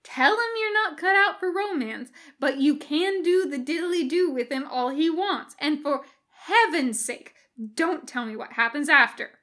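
A woman voicing a gruff, exasperated male doctor in a read-aloud fan fiction, talking dryly and grudgingly. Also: high-pitched, lively intonation, measured pace, hardly any pauses, pushed and bright, pitched above the performer's own voice, exaggerated voice. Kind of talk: podfic fan fiction reading.

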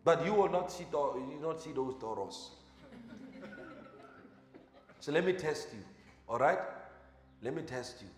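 A man preaching as a pastor. He quizzes the congregation with short questions, then gives quiet instructions during a live demonstration. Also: a little high, expressive, measured pace, pauses often. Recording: echoey hall with music behind.

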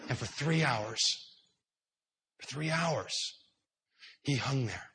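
Dramatic preacher man, hushed to loud. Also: a little high, animated, measured pace, long pauses. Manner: dramatic storytelling, swinging between hushed and loud. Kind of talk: sermon. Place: indoor church hall with high ceiling.

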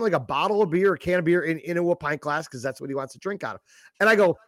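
A man's voice: sits high, lively intonation, quick pace, a bit bright, no room sound, clean studio sound. A man co-hosting a podcast, telling stories animatedly in crude casual chat and swearing freely. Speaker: podcast co-host.

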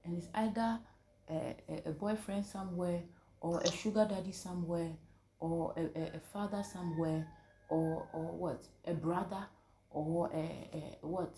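With a lowish, mellow voice and a steady tone, a woman preacher speaks a little slowly. She teaches from the Bible through call-and-response, questioning her listeners and waiting on their answers.

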